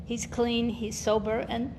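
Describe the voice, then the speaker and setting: A woman's voice: fairly high pitch, completely flat delivery, a little slow, darkish tone. An older woman giving a candid, emotional personal testimony as a guest speaker at a recovery meeting, laughing often and acting out the voices of people she quotes. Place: meeting hall. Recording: reverberant hall with faint noise.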